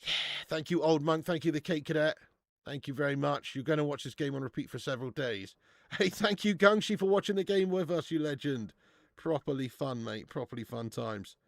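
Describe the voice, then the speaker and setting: A man's voice: fairly high pitch, brisk, gravelly, no room sound, studio quality. A young man hosting a live watch-along stream, bantering with viewers, swearing and laughing often. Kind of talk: live casual chat to viewers.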